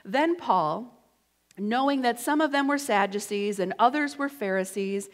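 A woman preaching a sermon in a lively, conversational way with playful asides. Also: fairly high pitch, measured pace. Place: church sanctuary. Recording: echoey church hall.

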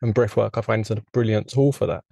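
Man, middle-aged, interview host, mellow tone, earnest, reflective, rambling. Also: on the low side, fairly even intonation, fast talker, gravelly, dry recording. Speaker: podcast host. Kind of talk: casual interview conversation.

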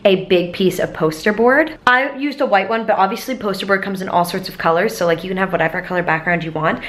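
A young woman vlogging into a handheld camera, chatty and expressive, with plenty of "like" in her talk. Her voice sits at an ordinary middle pitch. She sounds casual and open. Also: fast. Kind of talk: casual vlog chat to camera.

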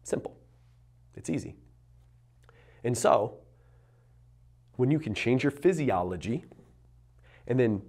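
A man coaching entrepreneurs in a motivational talk to camera, earnest and emphatic, slowing down on key phrases. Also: medium pitch, sing-song, husky.

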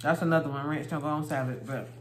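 A woman chats and laughs her way through a meal for her phone camera. Her voice sits on the low side, and the room around her sounds noticeably echoey. She keeps it loose and conversational, like she's talking to friends. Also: fast talker, a little hiss or hum. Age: adult, married. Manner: chatty, laughs often, talks while eating. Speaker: vlogger. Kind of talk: casual mukbang chat.

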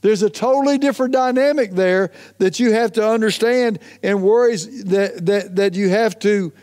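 High-voiced emphatic male pastor preaching. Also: a little mellow. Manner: emphatic, repeats "listen to me", stretches key phrases slowly. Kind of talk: sermon.

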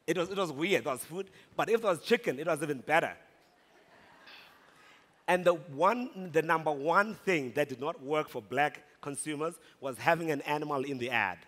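Animated man telling stories in a large hall. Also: on the high side. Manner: animated, humorous storytelling, rising into shouts. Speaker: speaker at a conference. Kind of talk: storytelling keynote talk. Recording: long hall reverb.

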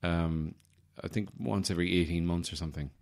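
Deep-voiced man rambling wryly. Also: steady tone, fairly quick. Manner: wry, self-deprecating, digressive. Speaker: podcast host. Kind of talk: rambling comedic monologue.

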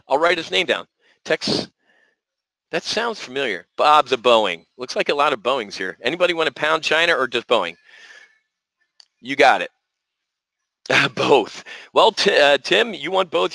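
Energetic man hosting a trading webinar. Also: mid-range voice, no room sound, poor audio. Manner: energetic, folksy, repeats words for emphasis. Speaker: options trading webinar host. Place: resort room.

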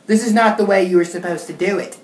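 A woman's voice: lowish voice, fast, a little mellow, close to an everyday voice. A woman doing a stern, dismissive schoolteacher. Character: stern, unbending female schoolteacher. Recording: roomy echo.

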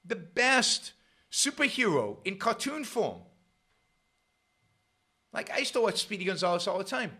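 A middle-aged man hosting a show, talking in a sarcastic, animated commentary with frequent restarts. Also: high-pitched, slightly rough. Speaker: show host. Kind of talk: casual commentary monologue.

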